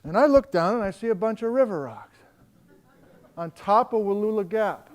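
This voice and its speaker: A man's voice: high-pitched, moderate pace. An American man giving a public geology lecture to a live audience, telling stories and acting out the dialogue. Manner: animated storyteller, acts out quoted dialogue.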